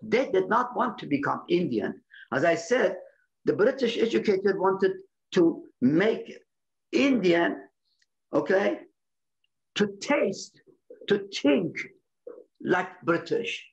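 A man talks through political ideas like a lecturer, raising a fairly high, gravelly voice as he restarts phrases and checks that the listener follows. The recording is a little muffled and lo-fi. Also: sing-song, slow, long pauses. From Iran. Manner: lecturing, with frequent restarts and "okay?" check-ins. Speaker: interviewee, political commentator. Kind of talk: explanatory political talk.

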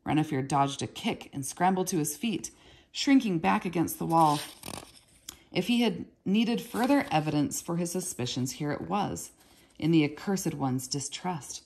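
A woman reads a novel aloud in a steady, measured way. Her voice sits low with a gravelly, husky texture. She carries the story without rushing. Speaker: reader.

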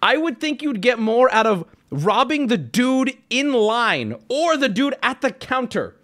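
A man streaming live, talking casually to his chat and reacting to donations, loud and excitable, often breaking into shouts. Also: very high voice, a little slow.

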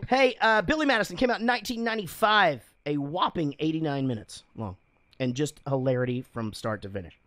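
Animated, profane male podcast host. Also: on the high side, brisk, dry recording. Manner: rambling, swears a lot, laughs often. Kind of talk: casual chat. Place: studio room with guests.

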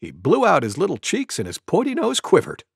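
A man reading a children's animal story aloud, playful and animated. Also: high voice, a little fast, creaky, breathy edge, no room sound, clean studio sound. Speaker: storybook narrator.

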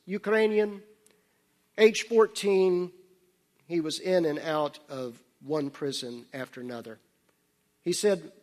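A man giving a sermon, telling stories with laughter and dropping to a hushed voice for serious parts. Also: fairly high pitch. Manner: anecdotal, laughing, drops to hushed tones for serious moments. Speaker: missionary speaker. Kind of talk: sermon with storytelling. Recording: long hall reverb.

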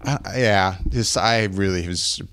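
Smooth-voiced Southern man, hesitant. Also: low-pitched, slow pace, a bit bright, dry recording. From American South. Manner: hesitant, rambling, laughs often. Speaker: podcast co-host. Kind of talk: casual chat.

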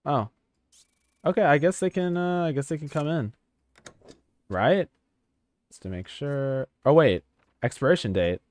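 A man giving excitable, chatty let's-play commentary while playing a video game, swearing casually. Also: fairly high pitch, a little slow, long pauses, no room sound. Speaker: gaming channel host.

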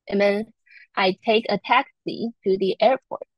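A Taiwanese woman with a Taiwanese Mandarin accent teaches a language lesson, carefully repeating example words. Her voice has a gravelly fry. The recording sounds muffled and dry, with no room echo. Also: mid-range voice, fairly even intonation, measured pace. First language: Mandarin Chinese. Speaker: Chinese language instructor.

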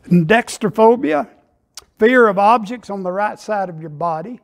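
A man preaches in a high, light voice, spinning homespun jokes and anecdotes into his sermon. His delivery is relaxed and folksy, with casual phrasing. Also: moderate pace, gravelly. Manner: folksy storytelling, Southern phrasing. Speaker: pastor. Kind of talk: sermon with humorous stories.

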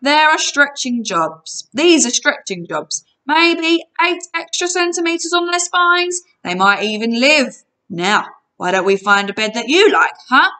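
A woman's voice: high voice, very animated, unhurried, pushed and bright, voice pushed up, full character voice. A woman voicing a pushy, boastful male giant waterbed salesman in a storybook reading, with a wheedling sales patter.

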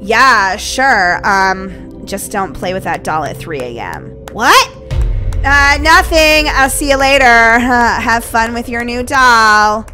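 A woman's voice: a little high, animated, slow, sharp tone, soft background music, voice pushed down, exaggerated voice. A woman voicing a sly, evasive girl in a roleplay story, who hints at danger.

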